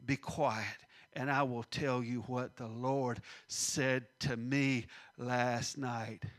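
A man's voice: medium pitch, fairly even intonation, slow pace. A man preaching a sermon, acting out the voices in the scripture and dropping to a near-whisper at times.

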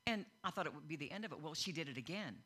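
A middle-aged woman preaches in a relaxed, story-driven way, laughing and slipping into the voices of people she quotes. Her tone is bright and forward. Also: sits low, very fast, breathy edge. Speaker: speaker teaching on faith. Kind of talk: informal sermon with personal stories.

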